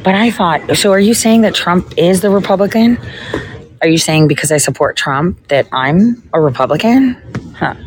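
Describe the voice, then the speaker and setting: A woman's voice: lowish voice, expressive, moderate pace, slight background noise, low-quality recording. A woman, a political podcaster, in a casual ranting monologue full of sarcasm, profanity and mocking asides.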